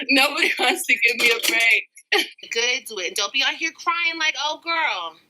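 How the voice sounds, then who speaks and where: Woman, livestream rant, bright forceful voice, slightly high, mocking, profane. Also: moderate pace, rough recording. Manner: mocking, profane, swings into fake crying.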